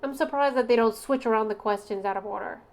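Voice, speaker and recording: A woman streamer with a slightly high-pitched voice talks casually through games. She reads game text aloud and bursts into animated, disbelieving exclamations and curses. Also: quick pace. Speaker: streamer playing game jam entries. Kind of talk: casual live-stream commentary.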